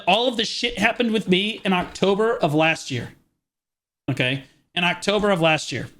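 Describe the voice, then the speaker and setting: A male streamer telling a story to his chat in casual, profane, animated fashion, mocking the people he quotes. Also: a little high.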